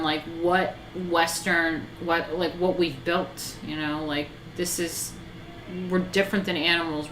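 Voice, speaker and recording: A woman's voice: deep voice, fairly bright tone, a little hiss or hum. A woman in her thirties chatting casually on a live stream, rambling, swearing and answering chat. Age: 30s.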